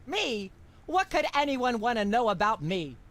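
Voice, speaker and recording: A woman voicing a condescending talk show host in a video game, with sharp, acerbic remarks. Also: fairly high pitch, sing-song, a little slow. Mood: haughty.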